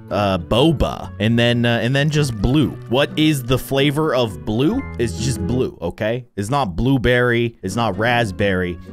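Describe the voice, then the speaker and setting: A young man giving playful, mock-dramatic commentary while playing a game as the show's host. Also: medium pitch. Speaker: gaming host. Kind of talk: casual gameplay commentary.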